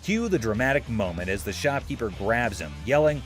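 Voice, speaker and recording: Man, recap narrator, scripted comedic narration, playful, lively intonation. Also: mid-range voice, fairly quick, faint music behind. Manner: playful, jokey storytelling.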